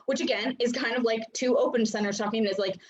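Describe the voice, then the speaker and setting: Woman, high voice, casual coaching talk, filler likes, playful voices, dull lo-fi sound. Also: steady tone, quick pace, a little hiss or hum. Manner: chatty, many filler likes, acts out little voices. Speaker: human design coach. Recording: dull lo-fi recording.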